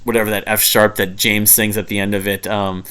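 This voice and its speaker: Man, forties, music reviewer; bright, forward tone, rambling and enthusiastic, hums riffs. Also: lowish voice, flat delivery, brisk, clear, resonant tone. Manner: rambling and enthusiastic, many fillers and restarts; hums and sings riffs to illustrate. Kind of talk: casual album review monologue.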